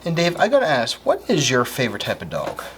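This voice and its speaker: Upbeat male cooking host, lively pitch, kitchen noise and clattering dishes behind. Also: fast. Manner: upbeat, chatty, explains steps as he works. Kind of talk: casual cooking demonstration. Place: home kitchen.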